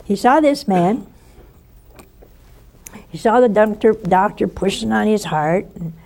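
A woman giving a spoken sermon, telling a story in an animated way and acting out the voices of the people in it. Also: medium pitch, a little slow, vocal fry. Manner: animated storyteller who acts out quoted voices.

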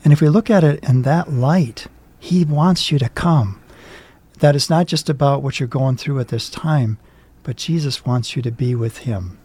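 A man co-hosting a religious talk show, speaking in a gentle, reflective way. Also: mid-range voice, moderate pace, slightly rough.

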